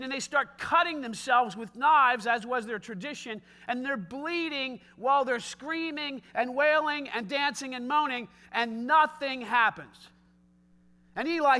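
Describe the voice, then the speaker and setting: A man preaching a sermon, retelling a scripture story with lively, casual asides. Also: extremely high pitch.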